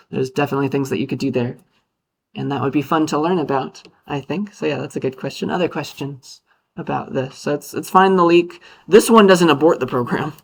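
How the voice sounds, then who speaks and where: A man's voice: mid-range voice, vocal fry. A male university lecturer giving a casual, upbeat classroom lecture with playful asides.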